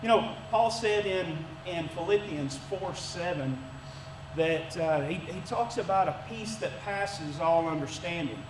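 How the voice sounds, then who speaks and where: A man's voice: fairly high pitch, measured pace. A middle-aged man, preaching a sermon as a church elder in a conversational, folksy way with frequent restarts. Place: church sanctuary. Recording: echoey church room, faint background noise.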